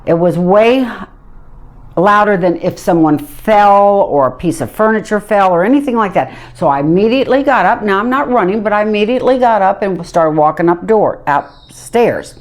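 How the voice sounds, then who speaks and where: A woman's voice: medium pitch, moderate pace. A middle-aged woman vividly retelling a personal story, acting out what people said. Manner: vivid, animated retelling with acted-out quotes.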